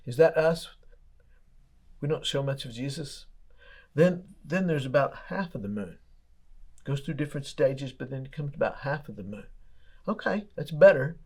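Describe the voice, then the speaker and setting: A man with a husky, slightly breathy voice gives a daily devotional as a church pastor. He talks in a homespun, storytelling way, stopping often to ask his listeners simple questions. His pitch sits in an ordinary middle range. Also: a little mellow. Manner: folksy storytelling with rhetorical questions. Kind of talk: devotional sermon.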